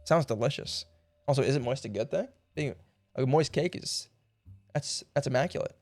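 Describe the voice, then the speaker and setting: A man's voice: mid-range voice, moderate pace, a little mellow, dry recording, soft background music. A young man streaming a puzzle game, thinking aloud in a rambling way and laughing now and then. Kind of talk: casual puzzle game livestream.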